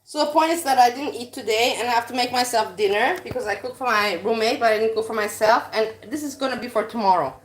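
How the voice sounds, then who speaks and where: A woman's voice: fairly high pitch, quick pace, hardly any pauses, a little hiss or hum. A woman vlogging while cooking in her home kitchen, talking in a blunt, rambling and profane way. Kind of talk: casual rambling chat.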